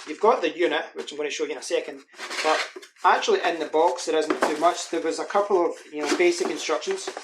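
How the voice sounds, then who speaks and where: A man from the UK giving a casual, rambling product demo at home. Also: fairly high pitch. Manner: chatty, rambling with fillers. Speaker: product reviewer. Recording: echoey room with faint hiss.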